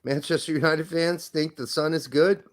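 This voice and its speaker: A man's voice: a little high, steady tone, normal speed. A man co-hosting a casual soccer podcast, talking bluntly and swearing as he rants. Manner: blunt, profane and ranting. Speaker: podcast co-host.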